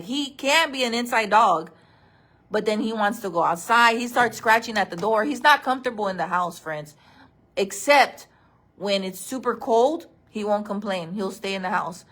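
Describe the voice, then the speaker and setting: A woman's voice: mid-range voice, fairly bright tone. A woman chatting casually on a livestream, telling a story and calling her viewers friends. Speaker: vlog host. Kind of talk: casual livestream chat reading comments.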